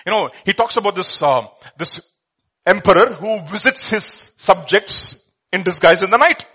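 A man's voice: high voice, animated, moderate pace, pushed and bright, husky. A man preaching a sermon. He speaks emphatically and keeps asking the congregation questions. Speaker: pastor.

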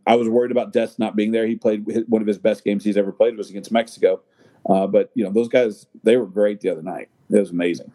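A man's voice: lowish voice, dark tone. A man talking soccer in a loose, rambling way, with lots of fillers and restarts. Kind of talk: casual chat.

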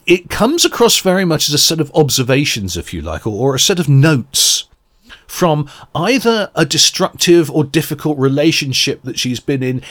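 A man giving a reflective, earnest radio album review and searching for words as he goes. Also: on the high side. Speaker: music reviewer.

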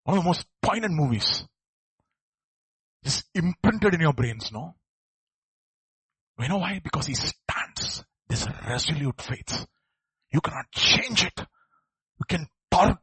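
A man's voice: a little high, animated, unhurried, long pauses, bright, forceful tone, slightly rough, no echo. A man preaching a sermon, acting out quoted voices and building to emphatic outbursts. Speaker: pastor.

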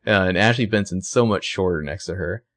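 A man co-hosting a casual podcast, recapping a TV episode and acting out the characters' lines in quick voices. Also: low voice, a bit bright, no echo. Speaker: podcast co-host.

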